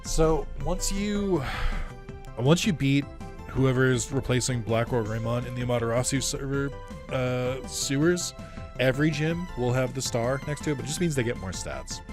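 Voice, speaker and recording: A man chatting casually as he plays a video game, his voice pitched in an ordinary middle range. He rambles in a loose, laid-back way, full of "like" and "uh", with the odd curse word. Quiet game music plays underneath. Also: moderate pace. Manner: rambling and laid-back, with frequent fillers and swearing. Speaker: let's play commentator. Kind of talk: casual gaming commentary.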